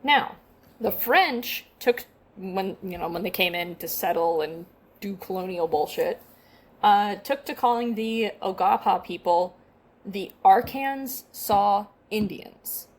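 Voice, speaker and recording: A woman's voice: medium pitch, measured pace. A young adult woman co-hosting a podcast, chatting casually and reading from her notes, self-deprecating and stumbling over names. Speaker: podcast co-host.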